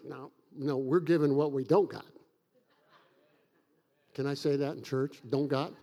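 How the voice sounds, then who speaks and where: Kentucky guy preaching, kinda high voice, folksy jokes, slows way down for the big lines. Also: fairly even intonation, mellow. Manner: folksy, self-joking asides; emphatic preaching with dramatic slowdowns. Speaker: pastor. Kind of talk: sermon.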